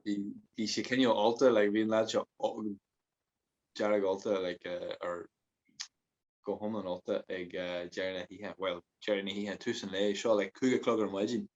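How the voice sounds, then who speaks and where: Low-voiced man telling rambling stories. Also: level tone, a little fast, lo-fi sound. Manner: rambling, switches between Irish and English, laughs often. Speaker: podcast guest. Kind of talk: casual storytelling chat.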